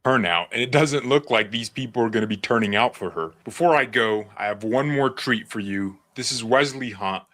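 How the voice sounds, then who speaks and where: Man with a bright, forward voice. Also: mid-range voice, normal speed, hardly any pauses. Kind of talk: political commentary.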